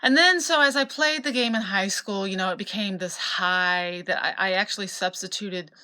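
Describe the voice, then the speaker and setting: A woman's voice: mid-range voice, moderate pace, pushed and bright, clean tone. A woman in her fifties from Utah tells her own life story casually, rambling a little with fillers and restarts. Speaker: memoir narrator.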